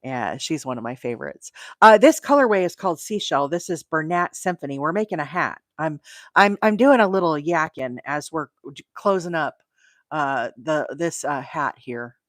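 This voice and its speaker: Chatty woman with a lively voice. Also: sits low, normal speed, no echo, clean studio sound. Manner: chatty, rambling, laughs often. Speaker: crochet livestream host. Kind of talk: casual live-stream chat.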